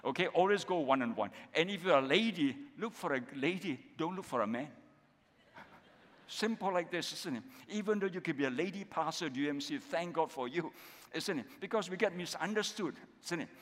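A man's voice: fairly high pitch, expressive, a little fast, fairly bright tone, big-room sound. A man with a Malaysian accent preaching a sermon as pastor, emphatic and repetitive, often tagging his points with "isn't it?" and "okay?". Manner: emphatic, repetitive, with frequent tag questions.

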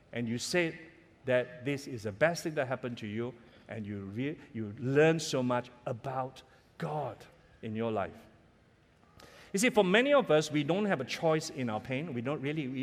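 A man's voice: medium pitch, sing-song, moderate pace. A middle-aged man, preaching a sermon as pastor, telling stories earnestly and building to emphatic peaks. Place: church sanctuary. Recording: reverberant church hall.

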